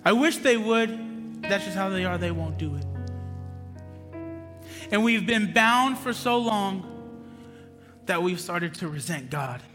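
A pastor preaching a passionate sermon in a church, moving between loud emphatic bursts and quiet asides. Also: male voice, high voice, animated, slow, pauses often. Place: church sanctuary. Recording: long hall reverb with music underneath. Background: music playing under the preaching.

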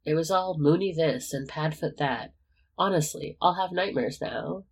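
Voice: mid-range voice, measured pace, gravelly, breathy edge. Timid good-natured young man, read by a narrator.

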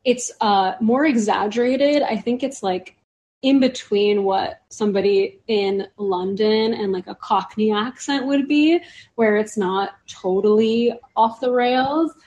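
A woman's voice: fairly high pitch, measured pace, a little mellow. Rambling woman in casual podcast chat. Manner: rambling, heavy use of "like". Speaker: podcast guest or host.

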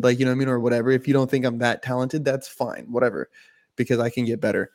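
A man's voice: medium pitch, animated, quick pace, a little mellow, no room sound. A man co-hosting a casual podcast, telling loose profane stories full of "bro" and "like". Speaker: podcast co-host. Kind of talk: casual chat.

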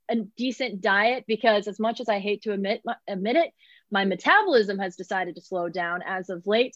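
A woman's voice: mid-range voice, no room sound, highs cut off. A young woman who calls minor league baseball games, answering interview questions in a chatty way with lots of fillers. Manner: chatty, many fillers, laughs often.

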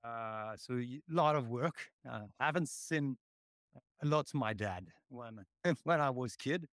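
A man in his forties with a French accent, a podcast guest who answers slowly and haltingly with many fillers. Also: mid-range voice, animated, no room sound, clean studio sound. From France. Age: 40s. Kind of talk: podcast interview.

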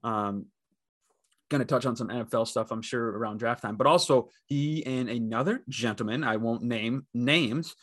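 A man's voice: mid-range voice, normal speed, fairly bright tone. Rambling man hosting a betting podcast. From Midwest, the Dakotas. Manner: rambling, loose, many fillers and restarts. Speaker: podcast host. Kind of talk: casual solo podcast.

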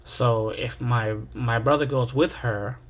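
A man's voice: medium pitch, fairly even intonation, slow. A young man hosting a casual solo podcast, rambling through a story in a self-mocking way and swearing freely. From New York area. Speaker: podcast host.

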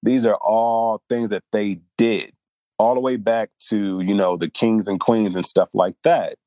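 A man's voice: lowish voice, steady tone, measured pace, mellow, no echo. A man co-hosting a podcast in casual chat, easygoing, thinking aloud and laughing often. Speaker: podcast co-host.

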